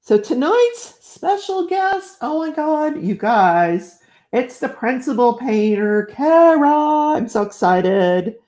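With a high, mellow voice that swings widely in pitch, a middle-aged livestream host talks slowly as she crafts. Her chatter is casual and gushing, packed with exclamations as she welcomes viewers.

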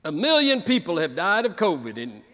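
A man's voice: sits high, wildly swooping pitch, moderate pace, fairly bright tone, big-room sound. A man preaching a sermon as pastor, building up to repeated, rising exhortations. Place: church sanctuary.

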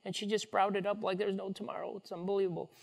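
A man's voice: high voice, little pitch movement, quick pace, creaky. A male pastor leading a prayer and then an upbeat, playful children's message at a church service. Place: church sanctuary.

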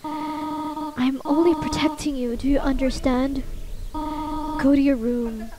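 A woman voicing a motherly female goat monster, stern and protective, reading her lines slowly and solemnly. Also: high voice, fairly even intonation, a crowd in the background. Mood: grave. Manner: slow, measured, solemn delivery. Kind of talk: reading game dialogue aloud. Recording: game music in background. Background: video game music.

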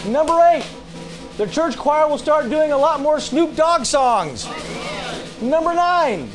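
A man with a strikingly high voice hosts a local TV show. He reads a jokey countdown list and introduces a guest comedian with upbeat patter. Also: rough recording. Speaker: show host. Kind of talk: local TV host reading a top-eleven list.

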